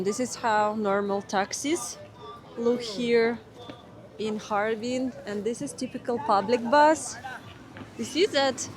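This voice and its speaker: A young Russian woman vlogging outdoors in winter with a Russian accent, chatting casually, exclaiming in wonder and hunting for English words. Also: a little high. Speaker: travel vlogger. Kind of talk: casual travel vlog narration. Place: outdoors in a snowy city, in winter. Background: background music.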